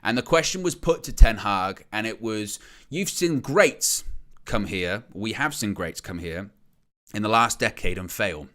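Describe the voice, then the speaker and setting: Animated, bright-voiced man ranting. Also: fairly low pitch, measured pace. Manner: animated, incredulous rants with rhetorical questions. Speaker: host of a fan channel. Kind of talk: live-stream opinion commentary.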